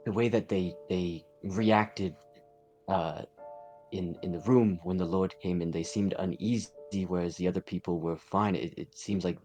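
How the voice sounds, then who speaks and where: Young man, low voice, teasing, thoughtful, faint music. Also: fairly even intonation, normal speed, darkish tone. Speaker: player. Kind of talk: in-character table talk.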